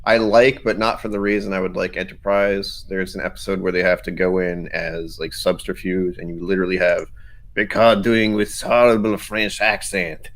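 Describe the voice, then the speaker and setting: Low-voiced man rambling in casual chat. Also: level tone, fairly quick, few pauses. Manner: rambling, laughs often, restarts. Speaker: co-host.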